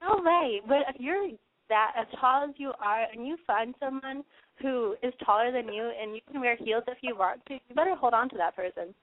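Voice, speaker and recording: An eager young woman calls in to a radio show, giggling and talking in a slightly higher voice. The line sounds thin and phone-like, dry and close. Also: moderate pace. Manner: enthusiastic and giggly. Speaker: caller. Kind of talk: casual call-in chat.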